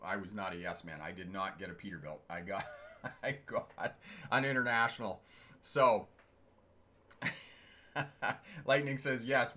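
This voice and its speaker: A man's voice: fairly low pitch, pushed and bright. A middle-aged man and channel host telling trucking stories in a casual livestream, chatty and digressive, chuckling often and answering chat comments.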